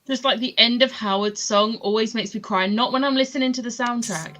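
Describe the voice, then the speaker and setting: A woman's voice: on the high side, brisk, sharp tone, poor audio. A woman chatting casually about books on a video call, rambling with lots of fillers. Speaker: booktuber host. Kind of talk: casual chat.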